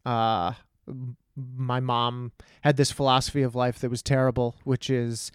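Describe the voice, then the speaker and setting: A man's voice: medium pitch, measured pace, clean tone, no echo, studio quality. A middle-aged man from Texas, a stand-up comedian telling stories in casual conversation, blunt and profane, acting out the voices of the people he quotes. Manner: animated storyteller who acts out quoted voices, blunt and profane.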